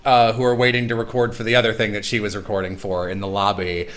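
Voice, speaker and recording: A man's voice: fairly low pitch, little pitch movement, quick pace, fairly bright tone, soft background music. A man hosting a casual livestream chat, retelling stories with lots of laughter and quoted voices. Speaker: show creator and stream host.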